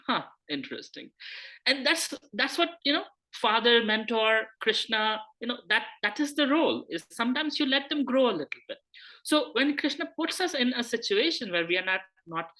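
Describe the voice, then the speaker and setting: A man's voice: sits high, pushed and bright. A man giving a conversational scripture talk, acting out quoted dialogue as he tells a personal story. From India. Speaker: spiritual teacher.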